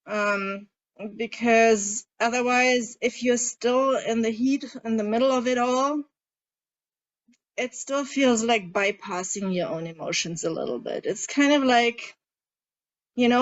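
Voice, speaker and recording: A woman coach leads a group tapping session with calm, guiding instructions and keeps asking the group questions. Her voice sits a little high. The audio is dull and lo-fi, as from an online session. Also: unhurried.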